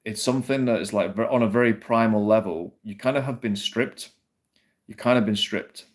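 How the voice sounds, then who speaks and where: Rambling sweary man, low voice. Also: moderate pace. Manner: rambling, sweary, answers chat comments. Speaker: livestream host. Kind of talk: casual livestream chat.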